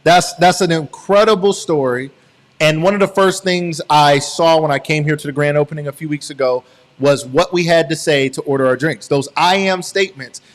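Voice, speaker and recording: A man's voice: a little high, moderate pace. A man hosting a live-stream interview, encouraging his guest with short agreements and reflections. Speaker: live show host. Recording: long hall reverb.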